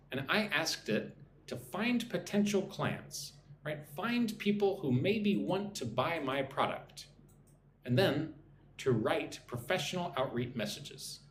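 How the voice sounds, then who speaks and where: A man teaching English on a live stream, drilling phrases slowly and greeting viewers from the chat, a little sleepy. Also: a little high, a bit bright. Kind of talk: live-streamed pronunciation lesson. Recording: echoey room with faint background noise.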